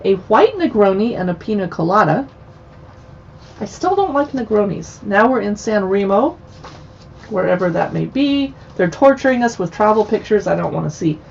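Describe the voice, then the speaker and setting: A woman's voice: medium pitch, expressive, moderate pace, vocal fry, darkish tone, a little hiss or hum. Chatty woman hosting a lo-fi livestream. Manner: chatty and playful, joking asides. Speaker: livestream host. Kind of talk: casual livestream chat.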